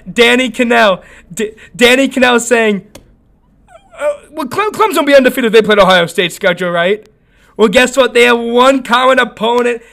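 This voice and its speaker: A man's voice: high-pitched, creaky, fairly bright tone. A young man hosting a casual sports podcast, ranting in an opinionated, rambling way with lots of fillers and restarts. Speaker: podcast host.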